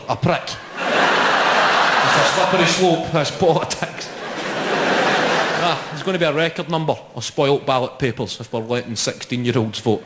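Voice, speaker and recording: A man with a Scottish accent doing live stand-up comedy, telling animated stories and acting out characters. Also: on the high side, moderate pace, very noisy. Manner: animated storytelling, acts out characters in shouts. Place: large venue with a live audience. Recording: roomy live recording with loud crowd. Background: audience laughter.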